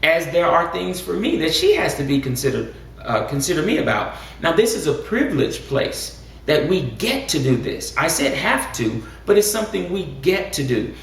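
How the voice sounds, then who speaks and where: A man co-hosting a casual talk about marriage, speaking in a measured way that turns preacherly and rises with emphasis. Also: a little high, sing-song, creaky, a bit bright. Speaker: co-host. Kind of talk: casual chat. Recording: echoey room, far from mic, faint noise.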